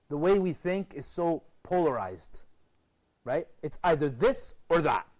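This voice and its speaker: Lively high-voiced male lecturer. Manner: expressive, rhetorical questions, sweeping pitch swings. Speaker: TV program presenter and teacher. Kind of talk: motivational lecture to a group.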